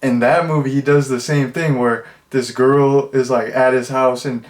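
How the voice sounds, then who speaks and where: A man's voice: medium pitch, fairly even intonation, moderate pace. Rambling, amused young man reviewing films. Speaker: movie reviewer. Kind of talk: casual movie review.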